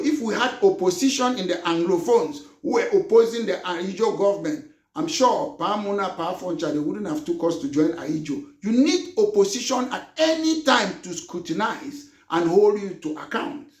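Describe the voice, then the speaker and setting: Combative high-voiced man. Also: animated, moderate pace, roomy sound. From Cameroon. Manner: combative, emphatic, rises to shouting. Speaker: political party leader. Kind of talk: political broadcast monologue.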